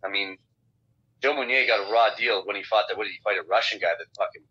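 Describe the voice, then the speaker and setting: A man's voice: on the low side, quick pace, pushed and bright, husky. A man being interviewed as a guest fighter over a phone call, talking bluntly in a rambling way with lots of swearing. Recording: dull lo-fi phone line.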